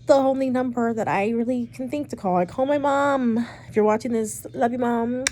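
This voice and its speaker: A young woman recounts a mishap in a loose, rambling storytime vlog, with plenty of fillers and casual swearing. Her voice is mellow and dark in tone at an average pitch, and she tells the story in an animated way. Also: moderate pace. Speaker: storytime vlogger.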